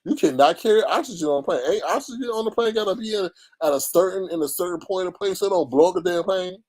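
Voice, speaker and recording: A man hosting a casual gossip commentary, animated and mocking, often jumping into high squeals. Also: fast, no room sound. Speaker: YouTube commentary host.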